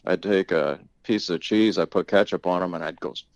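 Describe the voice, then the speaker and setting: A man's voice: low voice, a little fast, creaky, dry recording, lo-fi sound. An older man, the host's father, telling rambling stories in casual conversation, laughing often and swearing freely. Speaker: interviewee, father of the host. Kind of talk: casual storytelling.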